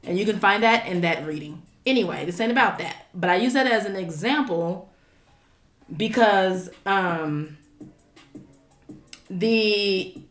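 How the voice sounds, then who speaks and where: Slow, chatty woman reading tarot. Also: medium pitch. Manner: chatty, drawn-out, hesitant with fillers and asides. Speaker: tarot reader. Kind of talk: casual tarot reading chat. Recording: roomy echo with faint background music. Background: faint music.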